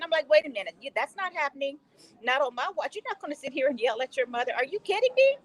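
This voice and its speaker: A woman's voice: high voice, poor audio. A woman in her sixties, a guest educator telling stories on a talk show, emphatic and quoting her own dialogue. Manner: animated, emphatic, quotes herself in dialogue. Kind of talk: conversational storytelling on a talk show.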